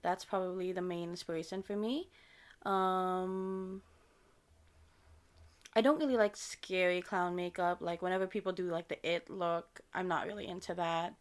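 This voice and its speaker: A woman's voice: lowish voice, steady tone, moderate pace, smooth. An American woman with a lisp and a slight Filipino touch to her accent, answering viewer questions in a casual, rambling way with many ums. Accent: American with a slight Filipino touch from her parents. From United States. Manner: rambling and hesitant, many ums and self-corrections. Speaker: ASMR creator.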